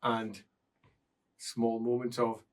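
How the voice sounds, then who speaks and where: A man's voice: mid-range voice, completely flat delivery, slow, distant mic. A man narrating as game master in a tabletop role-playing game, playful and often laughing.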